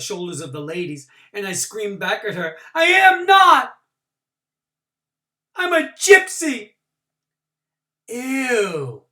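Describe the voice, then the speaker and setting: A male teacher reading a novel aloud to his class, with expressive voices for the characters and small asides explaining things. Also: on the high side. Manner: adds short explanations for listeners. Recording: voice picked up from a distance from the mic.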